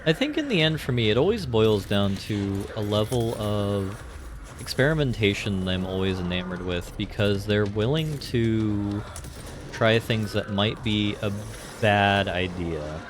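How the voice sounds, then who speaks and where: Animated yet measured, this lowish-voiced man chats loosely during a live game stream, filling his rambling thoughts with ums and uhs. Noise can be heard in the background.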